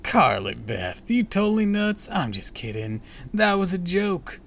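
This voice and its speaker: A teenage boy who scoffs and jokes, his voice lifted high and loud, as a man reads his lines. He sounds incredulous and dismissive. A faint hiss sits under the voice. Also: big pitch swings, a little slow, creaky, heavily acted. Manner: incredulous, joking. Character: teasing boy, brushing off accusations.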